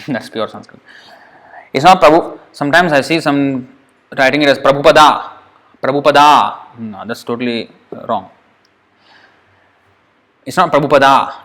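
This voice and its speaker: A man teaching Sanskrit pronunciation in a relaxed lesson. He repeats each sound several times and thinks aloud. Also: mid-range voice. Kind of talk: informal lesson drilling sounds.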